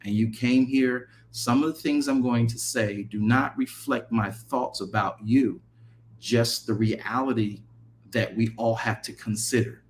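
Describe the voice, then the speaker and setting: A man from the United States with an American English accent, speaking as a minister in an earnest, deliberate preaching talk that halts when he works through lists. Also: mid-range voice, fairly even intonation, slight background noise.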